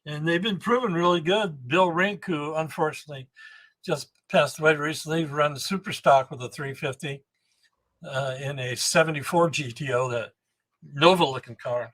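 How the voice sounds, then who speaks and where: A man in his seventies, a guest on a podcast, telling rambling, animated anecdotes about engine building and often restarting his sentences. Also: a little high, normal speed. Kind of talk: storytelling podcast interview.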